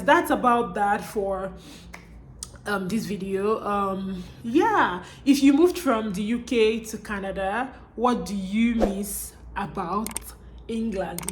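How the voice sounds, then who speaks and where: A woman's voice: medium pitch, slight background noise. A young woman with a Nigerian accent, talking casually to her viewers in a chatty vlog and often tagging her lines with "okay?". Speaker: vlogger.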